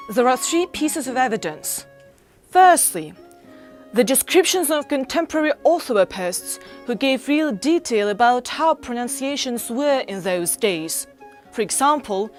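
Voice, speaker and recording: A young Russian-native woman reading a student presentation aloud, careful and scripted. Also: a little high. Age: young adult. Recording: faint music underneath.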